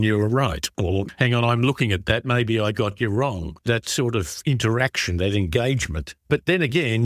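A man hosts a radio motoring show in a conversational, opinionated way, often thinking aloud with rhetorical questions. His voice sits at a middle pitch. The studio sound is close and dry. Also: no echo.

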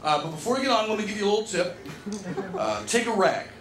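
A male stand-up comedian ranting loudly and with exasperation, recorded live in a club. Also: high voice, big pitch swings, quick pace. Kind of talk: stand-up set.

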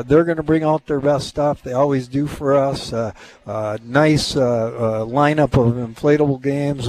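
Regular-pitched guy on a radio interview, friendly, lots of uh's, rattles off event lists. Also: a little mellow, rough recording. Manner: friendly, halting, many "uh" fillers. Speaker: local festival organizer.

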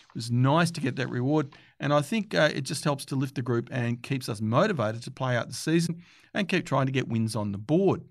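A man's voice: mid-range voice, no echo. Man reading sports news. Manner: steady read-aloud delivery with occasional fillers. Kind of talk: reading news articles aloud.

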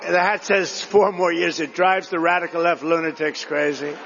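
Brief: man giving a rambling rally speech, high-set gravelly voice, long hall echo. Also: little pitch movement, moderate pace, fairly bright tone, dull audio, a little hiss or hum. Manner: rambling, digressive, repetitive storytelling to a crowd. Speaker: political speaker at a rally.

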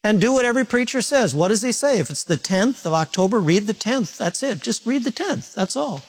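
A pastor with a high, animated voice preaches briskly to his congregation at a church service. He addresses them directly with questions and slips in self-mocking humorous asides.

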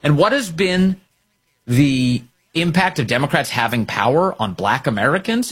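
A man's voice: fairly high pitch, expressive, normal speed, breathy edge. A man delivering a sarcastic, emphatic political opinion monologue as a commentator.

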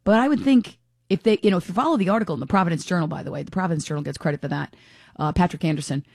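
A woman's voice: lowish voice, rapid-fire, vocal fry, a little mellow, no room sound, studio quality. A woman hosting a talk radio show, chatting frankly and giving her opinions in a casual, unscripted way. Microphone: studio microphone.

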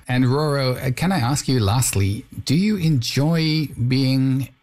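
A man's voice: medium pitch, a little slow, a little mellow, no echo. A man hosting a podcast, narrating and chatting in a wry conversational way. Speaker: podcast host. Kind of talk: scripted narration and chat.

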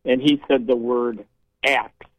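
A man's voice: medium pitch, steady tone, slow pace, no echo. A man calling into a radio show, chatty and blunt, telling stories. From Northeast Ohio. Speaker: caller. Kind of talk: casual call-in chat. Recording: tinny phone line.

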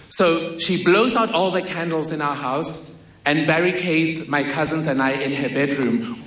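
Slow, echoey man storyteller. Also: fairly high pitch, a bit bright. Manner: vivid, self-mocking storytelling. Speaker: speaker telling a personal story. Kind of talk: storytelling talk on stage. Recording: echoey hall with faint noise.

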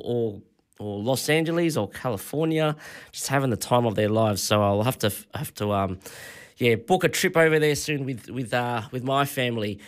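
Australian male radio host, 40s, middle pitch, chatty rambling storyteller. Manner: rambling, chuckling storyteller with many fillers. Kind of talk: casual radio chat.

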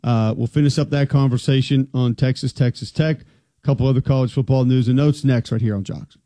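A man hosts a sports talk show, setting up each topic and keeping the segment moving with wry remarks. His voice is mellow, and the recording is close and dry. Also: mid-range voice, steady tone, fairly quick, dry recording. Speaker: sports radio host.

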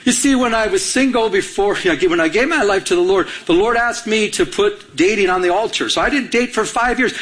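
A man's voice: very high voice, a bit bright. A middle-aged man from Michigan, a pastor, preaching a sermon and telling a personal story, acting out his own quoted lines with animation.

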